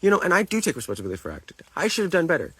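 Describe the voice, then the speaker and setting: A man's voice: high-pitched, wildly swooping pitch, rapid-fire, fairly bright tone, slightly rough, dry recording. A man livestreaming to his chat, talking defensively, repeating himself and swearing.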